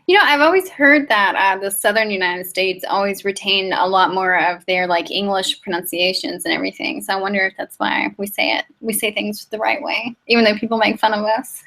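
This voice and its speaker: A woman's voice: mid-range voice, brisk, vocal fry, hardly any pauses, bright, forceful tone, poor audio. A woman from Mississippi hosting a casual live-stream chat, musing along easily with plenty of fillers. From Mississippi, US South. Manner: easygoing, musing, filler-heavy. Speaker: host.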